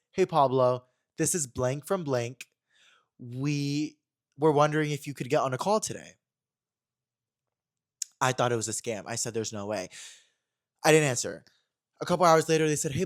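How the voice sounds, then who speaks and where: A young man hosting his own podcast, telling a story in a chatty, animated way and talking fast. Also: on the high side. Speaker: podcast host. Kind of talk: casual chat.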